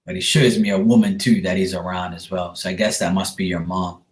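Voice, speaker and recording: A man's voice: low-pitched, little pitch movement, fairly quick. A man, working as a medium and giving a casual, reassuring reading to a viewer, often calling her sweetheart. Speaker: psychic medium. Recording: echoey room.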